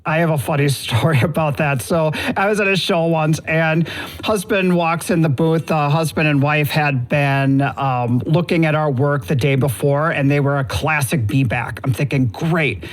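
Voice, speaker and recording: Easygoing man with a higher voice. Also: fairly even intonation, normal speed. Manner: chuckling storyteller, easygoing. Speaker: podcast co-host. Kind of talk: casual chat.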